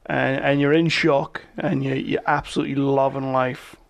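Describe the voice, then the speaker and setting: A man's voice: mid-range voice, flat delivery, normal speed, gravelly. A man hosting a podcast interview, chummy and teasing his guest. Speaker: podcast host. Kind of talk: casual interview chat.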